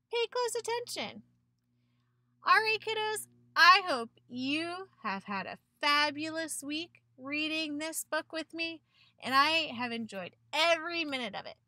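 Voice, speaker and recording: A woman's voice: high voice, sing-song, unhurried, sharp tone, no room sound. A woman teacher giving a picture-book read-aloud lesson to children, encouraging them and asking questions that she answers herself.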